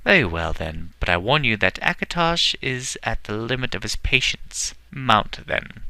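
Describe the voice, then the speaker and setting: A man's voice: medium pitch, big pitch swings, measured pace, pushed and bright, clean tone, dry recording, pitched above the performer's own voice, full character voice. A man doing a haughty elf archmage. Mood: commanding. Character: stern proud elf mage, male, imperious.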